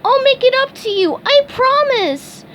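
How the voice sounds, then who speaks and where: Girl doing a squeaky nervy sponge dude, super high voice. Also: animated, a little slow, a bit bright, slight background noise, heavily acted. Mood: pleading. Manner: squeaky, high-pitched pleading. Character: squeaky, cheerful, anxious male sea sponge.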